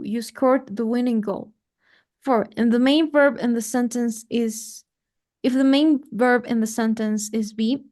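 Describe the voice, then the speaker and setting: Woman student reading aloud carefully. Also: on the high side. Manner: careful, steady reading with small slips. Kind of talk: reading a grammar text aloud.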